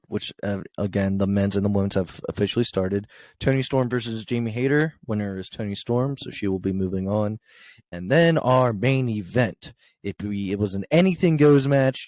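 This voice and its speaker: Man, young adult, podcast co-host, casual recap, rambling, filler-heavy, low voice, dry sound. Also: darkish tone, no room sound.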